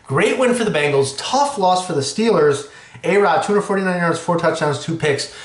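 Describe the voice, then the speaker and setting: Fired up guy ranting sports, kinda high voice, echoey room. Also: moderate pace. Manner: excitable, ranting, profane. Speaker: podcast host. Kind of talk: sports talk podcast.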